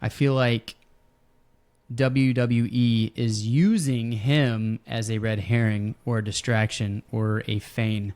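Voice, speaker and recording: Male podcast host, relaxed storyteller, everyday mid voice. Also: medium pitch, slow pace. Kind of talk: casual wrestling podcast chat.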